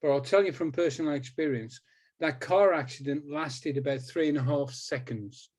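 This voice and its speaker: A man's voice: fairly high pitch, moderate pace, a little mellow. A man in his sixties, a hypnotist guest in a conversational interview, talking emphatically and repeating words for stress.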